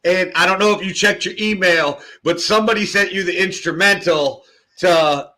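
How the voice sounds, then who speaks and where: A man's voice: high voice, moderate pace, pushed and bright. A man co-hosting a music podcast, telling playful stories in casual chat. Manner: storytelling, playful. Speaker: podcast co-host.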